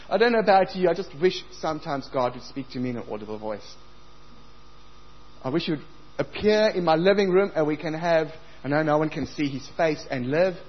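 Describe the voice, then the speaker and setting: Guy preaching a sermon, fairly high voice, acts out the bible bits loud then soft, muffled lo-fi audio. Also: husky. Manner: animated, acts out scripture voices with big swings in volume. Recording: dull lo-fi sound.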